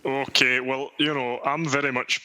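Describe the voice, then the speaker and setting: A man's voice: mid-range voice, level tone, moderate pace, bright, forceful tone, no echo. A man putting on a stammering fake caller. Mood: earnest. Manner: hesitant, stammering. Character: male prank caller posing as a Scot.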